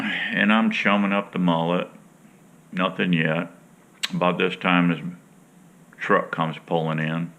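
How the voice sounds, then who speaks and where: A middle-aged man with a low, gravelly voice that still cuts through bright and forward. He spins a rambling, folksy yarn straight to his viewers, chatty and unhurried. He sounds like a host talking to regulars. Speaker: outdoors show host. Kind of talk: casual storytelling to viewers.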